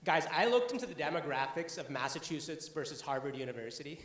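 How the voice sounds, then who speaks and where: A man's voice: a little high, big pitch swings, fast talker, roomy sound, very noisy. A young man from the Boston area performing a stand-up comedy set, talking conversationally with lots of "uh" fillers. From Boston area, USA. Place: comedy club stage before an audience.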